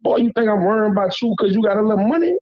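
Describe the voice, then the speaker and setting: A man with a Southern drawl, originally from Louisiana, calls into a live panel and vents in blunt slang, pausing again and again to ask whether he's being heard. His voice sits fairly high for a man. The call comes through muffled and lo-fi. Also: lively intonation. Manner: heated, repeats "you hear me", blunt slang. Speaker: caller on a panel. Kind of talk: heated call-in rant.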